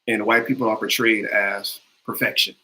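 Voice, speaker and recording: A man's voice: on the low side, level tone, moderate pace, sharp tone, slight background noise, low-quality recording. A man, an actor, talking earnestly about his roles in a casual interview, with many fillers and restarts. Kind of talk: conversational interview.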